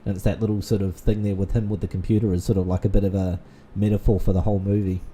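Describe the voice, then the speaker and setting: A man's voice: low voice, little pitch movement, quick pace, warm tone, slight background noise. A man, rambling in casual gaming commentary full of fillers and restarts. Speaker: gaming channel host. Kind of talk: casual let's-play commentary.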